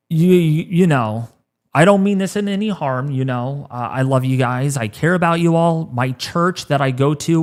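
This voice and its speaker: A man in his thirties hosting a weather livestream, choked up and halting, repeating words as he talks. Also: a little high. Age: 30s. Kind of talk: emotional livestream talk.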